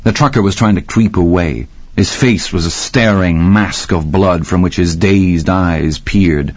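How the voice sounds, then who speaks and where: Deep-voiced male audiobook narrator. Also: measured pace, a little mellow, dry recording. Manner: gritty, dramatic storytelling. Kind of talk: scripted first-person narration. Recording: slightly muffled dry audio.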